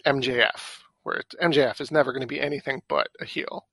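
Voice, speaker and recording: A man's voice: medium pitch, quick pace, fairly bright tone, slightly rough, dry recording. A man in casual chat, giving brief, dry reactions and opinions.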